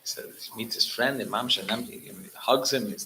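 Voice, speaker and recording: A man's voice: lowish voice, fairly quick, few pauses, slight background noise, rough recording. A man speaking as guest rabbi at a religious gathering, telling stories with frequent restarts and Yiddish and Hebrew words mixed in. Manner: animated storyteller, mixing in Yiddish and Hebrew words. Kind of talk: storytelling talk at a religious gathering.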